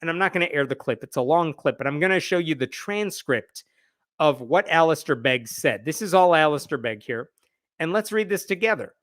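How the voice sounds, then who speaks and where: A man's voice: a little high, expressive, fairly quick, a bit bright, no room sound, studio quality. A man hosting a live news commentary stream, talking conversationally with a sarcastic edge. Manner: reads quotes aloud with shifting emphasis. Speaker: host.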